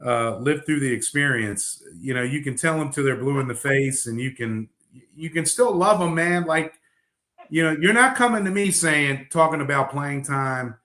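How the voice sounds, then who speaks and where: Blunt rambling coach, bright voice. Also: male voice, on the high side, animated, normal speed, roomy sound. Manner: blunt, rambling, lots of fillers and restarts. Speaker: basketball coach. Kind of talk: casual podcast chat.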